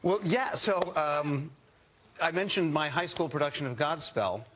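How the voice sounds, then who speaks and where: A man from Canada, a talk-show guest, tells stories in an animated way and laughs often. His voice is bright and somewhat high, with a faint hiss behind it. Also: measured pace. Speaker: actor guest. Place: TV studio with audience.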